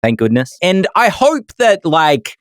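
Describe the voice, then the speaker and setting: A man's voice: high-pitched, very animated, unhurried, no room sound, studio quality. A man hosting a casual tabletop gaming podcast panel, playful and jokey, laughing often. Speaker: podcast host.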